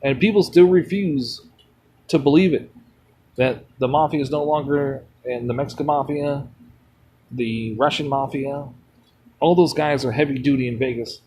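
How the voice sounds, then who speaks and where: A man's voice: mid-range voice, normal speed, mellow, a little hiss or hum. A man streaming a mobile game, rambling bluntly between chat replies and swearing freely. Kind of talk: rambling casual chat while gaming.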